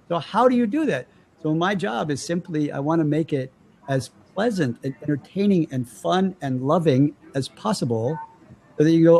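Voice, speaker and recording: A man with a slightly high voice chats as an interview guest, telling stories and putting on other people's voices as he goes. A faint hiss sits under the recording. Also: normal speed. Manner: animated storyteller acting out voices. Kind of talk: casual interview chat.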